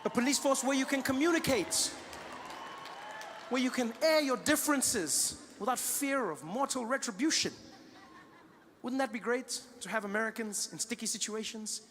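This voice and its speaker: A man's voice: very high-pitched, moderate pace, a bit bright, a little hiss or hum. A man doing stand-up comedy in a wry, storytelling way.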